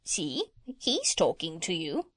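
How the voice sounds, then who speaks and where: A woman voicing a proud, clever female parrot who lectures briskly and breaks into high squawks. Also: wildly swooping pitch, a bit bright, slightly rough, dry recording, clean studio sound, heavily acted. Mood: lecturing.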